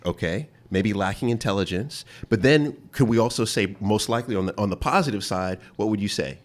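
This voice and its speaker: A man hosting an interview podcast, talking in a playful, casual way and leaning on key words. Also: lowish voice. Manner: playful, laughs often, drawn-out emphasis. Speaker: host.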